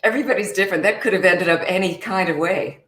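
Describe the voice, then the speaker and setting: A woman's voice: lowish voice, quick pace, fairly bright tone, echoey room. A woman hosting a casual radio interview who laughs often and reacts with exclamations. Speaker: radio host. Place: radio studio.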